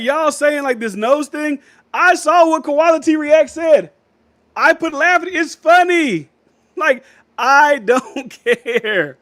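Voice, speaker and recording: A man's voice: very high-pitched, a bit bright, no room sound. A man hosting a casual livestream, rambling loosely, laughing often and reading viewer comments aloud. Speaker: livestream host reading chat.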